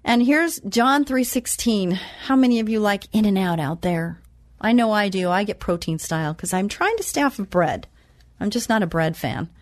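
A woman's voice: medium pitch, animated, normal speed, dry recording, clean studio sound. A woman hosting an inspirational Christian talk show, speaking earnestly with emphatic repetition and chatty asides.

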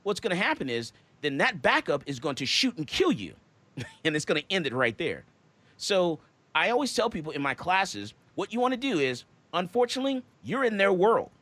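A man's voice: high-pitched, sing-song, moderate pace, fairly bright tone, no room sound. A man hosting a radio talk show, lecturing his listeners in an emphatic, preachy monologue.

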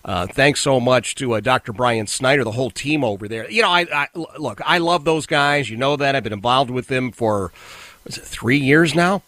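A man's voice: moderate pace, dry recording. A man hosting a talk radio show, delivering an indignant monologue. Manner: animated, indignant, pitch jumps when worked up.

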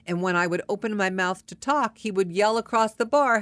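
A woman's voice: medium pitch, a little fast, few pauses, a bit bright, dry recording. A woman telling a personal story in a casual, wry and exasperated way.

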